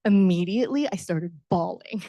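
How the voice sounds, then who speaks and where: A middle-aged woman, a book author, telling a lively personal story at a book talk, laughing often and acting out her younger self. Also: lowish voice, normal speed, no echo, studio quality. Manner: animated, acts out her past self, laughs often, says "right?". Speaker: author guest.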